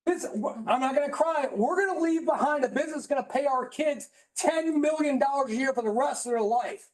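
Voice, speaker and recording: A man giving an emphatic, preachy, high-energy motivational talk to a live audience, at times yelling. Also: brisk. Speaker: motivational speaker at a business training. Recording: roomy echo in a hall.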